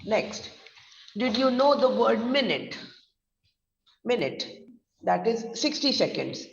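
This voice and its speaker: Indian English woman teacher, gravelly edge, distant echoey lo-fi room sound. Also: fairly high pitch, animated, slight background noise. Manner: slow deliberate spelling-out, mixing Hindi. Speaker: pronunciation trainer. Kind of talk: online vocabulary lesson.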